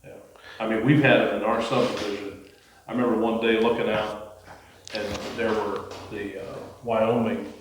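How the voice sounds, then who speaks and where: A man's voice: on the low side, fairly even intonation, moderate pace, noisy background. A man hosting a podcast, asking a guest questions and sharing his own neighborhood story in an earnest, reflective way. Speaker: podcast host. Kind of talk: interview questions and casual chat. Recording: echoey room.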